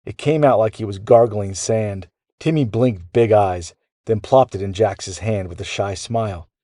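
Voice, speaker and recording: A man with a low, deep voice narrates a children's bedtime story. He tells it in a lively, animated way, recorded close and dry. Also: a little slow, no echo.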